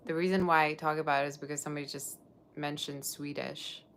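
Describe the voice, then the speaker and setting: A woman's voice: sits low, fairly even intonation, fast talker, a bit bright, a little hiss or hum. A woman giving a live tarot reading to her viewers, chatting and rambling as she answers their comments. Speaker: tarot reader.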